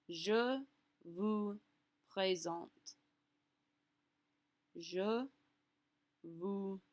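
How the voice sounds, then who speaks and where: Speaking in a fairly low pitch, a woman teaches French on a recording, breaking down phrases warmly and informally. Each one gets repeated slowly, word by word, for pronunciation practice.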